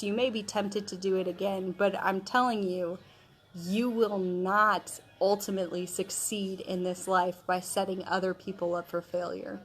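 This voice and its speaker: A woman's voice: medium pitch, flat delivery, unhurried, a bit bright. Woman, Bible study teacher, casual, storytelling, chatty, slangy asides. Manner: conversational storytelling, retelling scripture in modern slang; chatty, with frequent fillers like okay and um.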